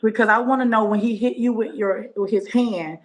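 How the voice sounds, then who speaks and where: A woman's voice: on the high side, steady tone, a little fast, low-quality recording. A woman hosting and interviewing, cutting in with probing questions. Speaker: host.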